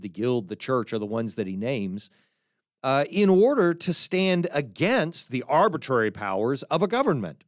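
A man's voice: medium pitch, no echo, studio quality. A man hosting a talk show, explaining ideas in a thoughtful lecture style, often restarting and correcting himself. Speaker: podcast host.

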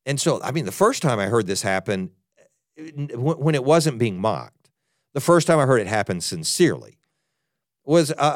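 A man preaching as a pastor in a conversational sermon, animated and talking straight to his listeners with asides. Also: medium pitch, dry recording, studio quality.

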